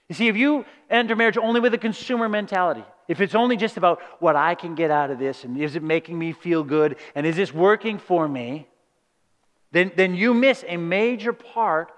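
A man preaching a sermon, lively and conversational, often asking "right?" and acting out quoted voices. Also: high-pitched. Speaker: pastor. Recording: reverberant hall.

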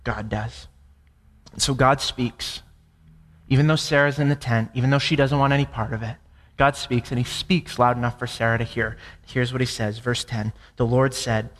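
A man's voice: medium pitch, fairly even intonation, normal speed, in a large hall. A man preaching a sermon, impassioned, with repeated phrases and stammered restarts. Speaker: pastor.

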